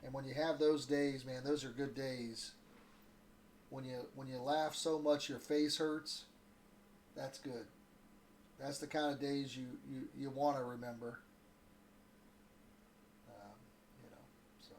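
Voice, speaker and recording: Relaxed rambling man from Ohio. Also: mid-range voice, takes it slowly, pauses often, a little hiss or hum. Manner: relaxed and rambling, storytelling between casts, chuckles often. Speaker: gaming channel host. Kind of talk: casual gameplay commentary.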